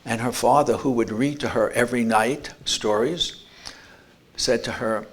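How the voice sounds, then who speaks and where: A man's voice: mid-range voice, measured pace, breathy edge. A man giving an earnest motivational talk at an expo, telling stories and restarting words. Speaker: speaker. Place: expo lecture room.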